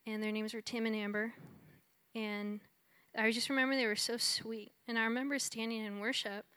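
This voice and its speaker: A woman's voice: fairly high pitch, little pitch movement, moderate pace, sharp tone, smooth, no room sound. A woman from Texas giving a conversational testimony in a sermon, telling her story with lots of "like" and "you know". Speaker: speaker sharing her testimony.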